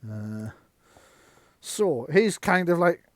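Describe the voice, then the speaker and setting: A man narrating and running a tabletop horror game as game master, chatty and quick to laugh. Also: a little high, very animated, no echo, studio quality. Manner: chatty, laughs often, slips into quick character voices.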